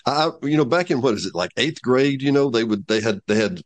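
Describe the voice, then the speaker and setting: A man's voice: medium pitch, lively intonation, fairly quick, no echo. A man hosting a casual interview in a store, chatty and joking, often restarting his sentences. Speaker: interviewer host.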